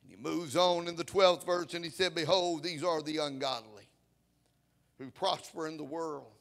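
A pastor preaching a sermon, swinging from quiet reading to shouted, half-sung lines and punctuating his phrases with "uh" and "huh.". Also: a little high, fairly even intonation, normal speed, gravelly.

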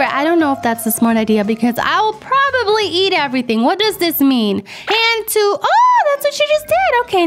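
A young woman who is not a native English speaker, hosting casual gameplay commentary in a bubbly, excitable way with frequent gasps. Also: high voice. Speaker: gaming channel host.

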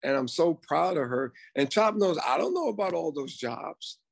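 Gravelly-voiced man telling stories. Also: a little high, expressive, normal speed, no room sound. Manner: storytelling, quotes himself and others in dialogue. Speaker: guest, former ballplayer and coach. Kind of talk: casual podcast chat.

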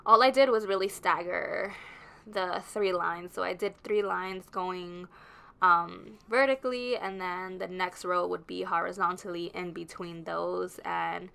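A woman's voice: on the low side, steady tone, measured pace, vocal fry, fairly bright tone, clear, resonant tone. A pregnant woman vlogger narrating her video in a chatty, rambling way with lots of fillers. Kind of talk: casual voice-over narration.

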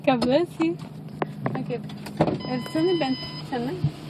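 A woman with a fairly high voice talks in slow, drawn-out baby talk, coaxing and repeating herself in a sing-song way. It is a home video recording with clear background noise and passing traffic behind her. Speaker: mother filming her baby.

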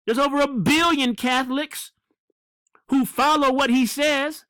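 A man preaching a fiery sermon, emphatic and repeating phrases for effect, with drawn-out dramatic stresses. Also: very high voice, steady tone, fairly bright tone, no echo.

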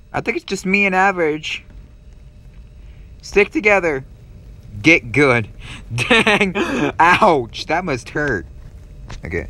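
A man's voice: on the high side, big pitch swings, slow, pauses often, sharp tone. A young man doing casual gameplay commentary as a gaming YouTuber, rambling and talking to his viewers. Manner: screams in panic during chases, then rambles through the outro.

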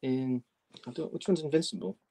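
A middle-aged man hosts a relaxed live chat and talks quickly in a steady middle register. He tells stories at his own expense in a chatty, self-mocking way. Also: medium pitch. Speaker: host. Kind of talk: casual live-stream chat.

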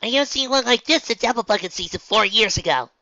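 A man voicing a bubbly, excitable young woman in a high, loud voice. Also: fast, no room sound, heavily acted. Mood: excited. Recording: dull lo-fi, dry.

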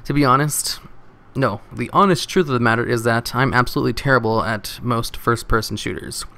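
A man reading a first-person anecdote aloud, with expressive, wry delivery and the odd slip. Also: mid-range voice, brisk, vocal fry. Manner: expressive, wry storytelling with small slips. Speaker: narrator reading online posts.

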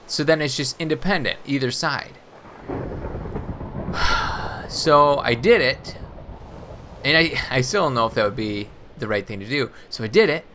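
A man's voice: medium pitch, a bit bright, slight background noise. A man hosting a casual gameplay video, rambling and thinking aloud with self-deprecating asides about his building troubles. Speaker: Minecraft let's play host.

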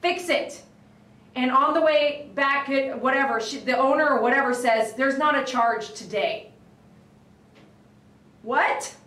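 A woman dog groomer chatting on a livestream, reading viewer comments and telling stories in an animated, excitable way that breaks into shouts. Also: sits high, moderate pace, far from the mic. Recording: echoey room, voice away from the mic.

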